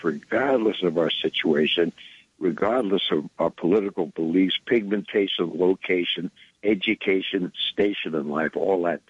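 An older man with a very low, husky voice tells his stories at an unhurried, rambling pace. He sounds earnest and slides from anecdote into gentle preaching, like a musician talking as a guest on the radio. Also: no echo, lo-fi sound. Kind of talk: conversational storytelling.

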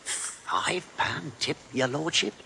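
An actor playing a timid, fussy hotel clerk who stammers nervously, in 1940s radio acting. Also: male voice, fairly high pitch, lively intonation, slow pace, vocal fry, bright, forceful tone, a little hiss or hum, full character voice.

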